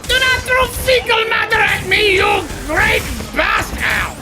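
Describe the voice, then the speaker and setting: A streamer giving loud, foul-mouthed gameplay commentary and shouting insults at the monsters. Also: very high-pitched, a little slow. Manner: loud, swearing, yelling at monsters. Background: game music.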